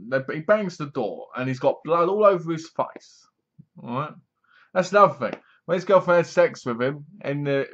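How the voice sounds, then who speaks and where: A man giving a casual, rambling movie review in a frank way, sometimes stumbling over words. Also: a little high. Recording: slightly dull lo-fi recording.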